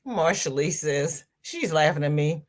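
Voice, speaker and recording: A middle-aged woman hosts a relaxed crafting livestream, reading viewers' comments and answering each one warmly. She talks unhurriedly, with long drawn-out phrases, calls people "girl" and "honey", and her voice leaps upward whenever something delights her. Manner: laughs often, voice swings high when excited. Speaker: livestream host of a crochet show.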